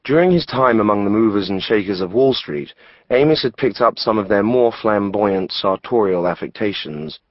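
A male audiobook narrator reads in a wry, measured manner, his voice sitting low. The recording is close and dry with a slightly dull tone. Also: lively intonation, no room sound. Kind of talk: scripted narration.

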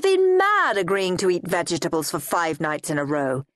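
A woman's voice: fairly low pitch, wildly swooping pitch, moderate pace, fairly bright tone, no room sound, clean studio sound. A woman with an English accent narrating a comic children's book with playful, theatrical relish. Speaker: audiobook narrator. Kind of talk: expressive children's storytelling.

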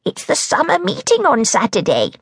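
A woman's voice: high voice, wildly swooping pitch, moderate pace, vocal fry, no echo, studio quality, pitched above the performer's own voice, exaggerated voice. A woman voicing a fussy, kindly hag who is chatty and easily cross, in a storybook reading. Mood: cheerful. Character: fussy middle-aged female hag, kindly witch. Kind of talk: audiobook character voice.

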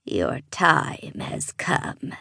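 Woman voicing a hushed, hunched old ferryman of the dead. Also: very slow, dry recording, clean studio sound. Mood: menacing. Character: ancient hunched male ferryman of the dead, greedy.

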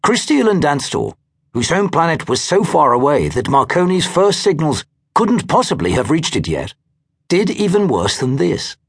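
Husky, lively male audiobook narrator. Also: on the high side, normal speed.

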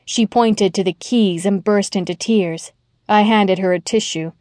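A woman's voice: medium pitch, normal speed, a little mellow, dry recording. A woman narrating a first-person mystery audiobook with wry, dry humor, on a close studio mic.

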